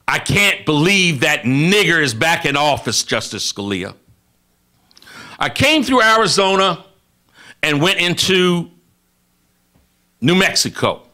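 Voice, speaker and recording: A man's voice: high-pitched, sharp tone. A man giving an impassioned speech as a radio guest, repeatedly addressing one listener directly and building emphasis.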